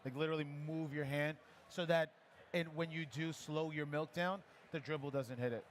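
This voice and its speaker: Brief: male barista instructor, slightly high voice, chatty encouraging coach, live festival demo. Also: fairly even intonation, a little hiss or hum. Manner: encouraging, chatty, gives quick pouring cues. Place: coffee festival demo area.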